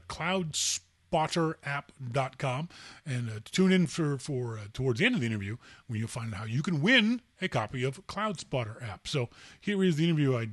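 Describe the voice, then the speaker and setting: A Canadian man hosts a casual podcast, talking in a rambling, chatty way and often correcting himself. His voice is medium-pitched, with no echo.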